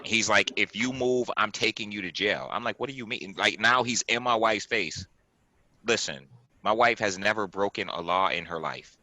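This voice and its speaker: A man in his forties, a podcast host, telling a story on a video call in an animated, emphatic way, often repeating himself and acting out what people said. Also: on the low side, normal speed, low-quality recording. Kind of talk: casual storytelling chat.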